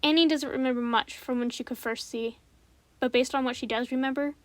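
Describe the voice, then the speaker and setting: A woman giving a calm, measured scripted narration of a spooky story. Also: high-pitched, no room sound.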